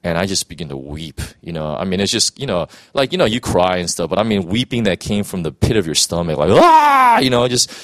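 A man's voice: low voice, lively intonation, quick pace, few pauses, dry recording. A man who is a pastor telling an emotional personal testimony in earnest conversation, full of restarts and "you know"s.

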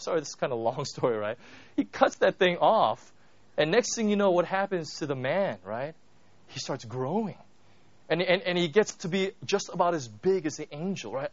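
A man's voice: a little high, highs cut off. Rambling, conversational male preacher. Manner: rambling, repetitive, full of fillers. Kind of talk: conversational sermon.

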